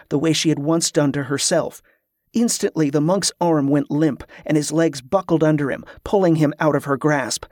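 An audiobook narrator reading a fantasy story in a steady, even way. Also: medium pitch, dry recording, clean studio sound.

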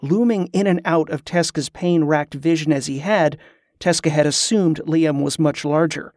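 A man narrating a fantasy novel in a steady, measured way. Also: a little high, no room sound, studio quality. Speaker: audiobook narrator.

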